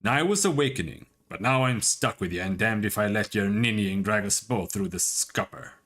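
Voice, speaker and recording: A man voicing a fierce, brash woman spirit who speaks in a rough, put-on brogue. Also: lowish voice, very animated, measured pace, a bit bright, full character voice. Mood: defiant. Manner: rough, mock brogue, defiant.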